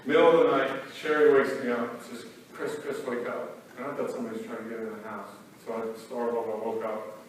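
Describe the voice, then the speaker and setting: A middle-aged man speaks earnestly in a flat, even voice, pausing on ums and restarting his sentences as his emotion catches. He sounds distant from the microphone, in a hall full of heavy echo with a faint hiss behind him. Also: fairly low pitch. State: choked up at times. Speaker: guest speaker. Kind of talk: personal story talk to students. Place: large school hall. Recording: very echoey hall, distant mic, faint noise.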